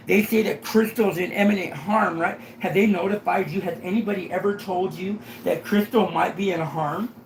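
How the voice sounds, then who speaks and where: High-voiced man rambling on in an echoey room. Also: steady tone, normal speed, gravelly, hardly any pauses, slight background noise. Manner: rambling, keeps asking "right?". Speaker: resident complaining to a sheriff. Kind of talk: rambling complaint in a meeting.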